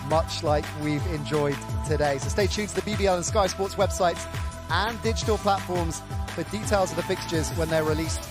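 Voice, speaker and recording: A man's voice: sits high, steady tone, fairly quick. A man presenting sports coverage, signing off the season with an upbeat, polished delivery. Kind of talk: broadcast sign-off. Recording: music bed underneath.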